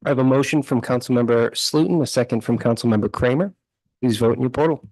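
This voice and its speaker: A man, the mayor, chairing a council meeting with brisk procedural calls and a light joke now and then. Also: mid-range voice, a little mellow, poor audio. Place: council chamber.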